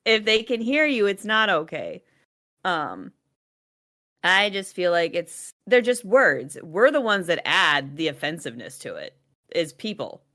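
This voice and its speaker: A woman with a low, bright, forceful voice chatting casually on a podcast. She is a mother who speaks frankly and laughs often. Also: very animated, a little slow. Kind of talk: casual chat.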